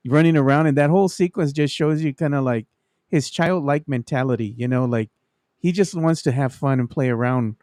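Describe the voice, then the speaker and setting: A man's voice: mid-range voice, brisk, a little mellow, no echo, studio quality. A man co-hosting a casual movie review podcast, laughing as he retells scenes and saying "you know" a lot. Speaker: podcast co-host.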